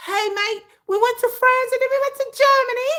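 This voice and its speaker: A woman's voice: steady tone, fairly quick, pushed and bright. A woman voicing a chatty, well-traveled English holidaymaker in an exaggerated mock-English accent. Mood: playful mockery. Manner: high, giggly, exaggerated delivery.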